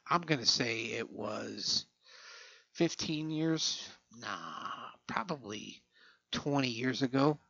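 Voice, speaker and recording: A middle-aged man rambles through a casual monologue in a gravelly, husky voice, swearing freely and chuckling as he goes. His tone has a sharp, tense edge. The recording sounds dull and lo-fi. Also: mid-range voice.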